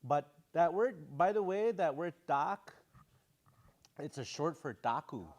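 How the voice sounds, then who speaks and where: Man, language teacher, slow careful delivery, animated pitch, repeats phrases. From Dakota community. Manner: repeats phrases slowly, jokey asides. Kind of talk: casual classroom teaching.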